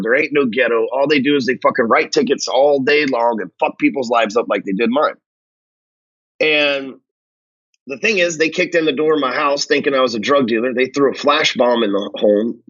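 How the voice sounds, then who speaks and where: A man's voice: mid-range voice, fairly bright tone, highs cut off. A man from North Texas, telling his own story in a blunt, angry, profane monologue as a sales coach. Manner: blunt, angry, swears constantly.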